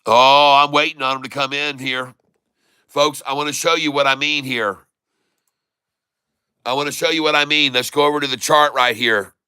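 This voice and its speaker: A man hosting a stock trading channel, giving excitable live market commentary, taunting short sellers and repeating prices over and over. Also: medium pitch, moderate pace, long pauses, smooth, no echo.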